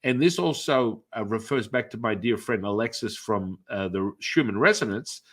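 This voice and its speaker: A man's voice: fairly low pitch, moderate pace. A middle-aged man hosting an interview, telling stories at length, rambling with fillers and restarts and acting out other people's reactions. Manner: animated, acts out other people's reactions in shifted voices. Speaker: podcast host and energy healer. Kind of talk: conversational storytelling in an interview.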